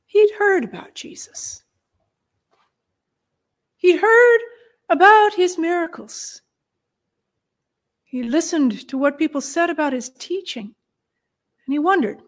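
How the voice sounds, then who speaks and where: High-voiced woman telling a Bible story. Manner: expressive, with hushed moments and long pauses.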